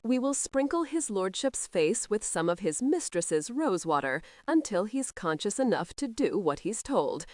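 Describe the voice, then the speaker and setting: A woman narrator voicing a blunt, gruff male conspirator who talks in a matter-of-fact way. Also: medium pitch, big pitch swings, normal speed, hardly any pauses, a little mellow, no echo, natural voice.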